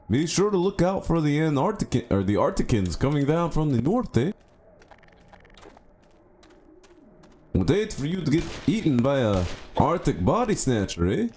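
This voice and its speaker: A man's voice: on the high side, darkish tone, a little hiss or hum, voice pushed up. A man putting on a jokey, folksy Canadian voice for a mock-friendly goodnight, tagging his lines with "eh".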